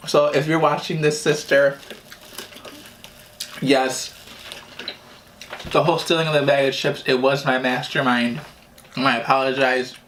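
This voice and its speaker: A man from New Jersey telling childhood stories in a casual mukbang vlog, often laughing and pausing to eat and drink. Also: mid-range voice, fairly bright tone, a little hiss or hum. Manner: chatty, laughs often, eating while talking. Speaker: vlogger. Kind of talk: casual storytelling during a mukbang.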